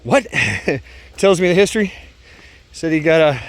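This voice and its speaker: A man's voice: on the high side, expressive, a little slow, long pauses, soft background music. Rambling, profane man telling a story. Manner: rambling and profane, heavy fillers and restarts; laughs often while telling. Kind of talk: casual storytelling.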